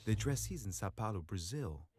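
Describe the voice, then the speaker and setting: An actor playing a young nobleman who muses over his mother's letters in a measured way. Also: on the low side, animated, darkish tone, close to an everyday voice. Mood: musing. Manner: measured, musing. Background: game music.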